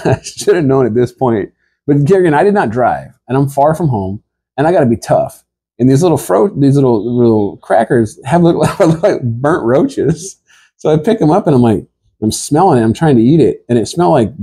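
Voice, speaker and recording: A husky man with a lively, swinging voice, spinning a rambling comic story. He laughs his way through it and jumps into the voices of the people in it. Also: medium pitch.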